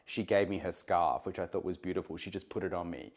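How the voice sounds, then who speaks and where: A man's voice: deep voice, quick pace. A man, speaking as a podcast guest. He tells his stories eagerly and with animation, tripping over and restarting phrases as he goes. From Australia. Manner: animated, eager, self-interrupting anecdotes. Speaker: journalist and broadcaster guest. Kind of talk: conversational storytelling.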